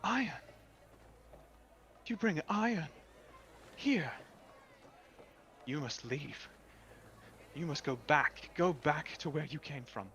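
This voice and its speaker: A man's voice: fairly high pitch, lively intonation, slow, long pauses, fairly bright tone, a little hiss or hum, pitched above the performer's own voice, exaggerated voice. A man playing a dreamy female pool spirit. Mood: alarmed.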